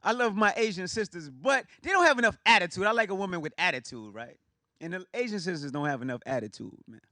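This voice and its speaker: Punchy, lively male stand-up comic. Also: sits high, dry recording. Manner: animated, punchy, loose and conversational. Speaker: stand-up comedian. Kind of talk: stand-up comedy set.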